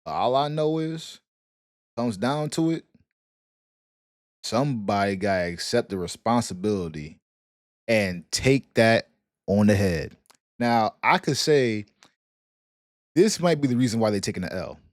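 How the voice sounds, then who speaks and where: A man's voice: fairly low pitch, lively intonation, unhurried, pauses often, no echo, clean studio sound. A man, ranting casually about his football team, joking and laughing between slang-heavy jabs. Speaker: sports commentary vlogger. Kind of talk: casual sports rant.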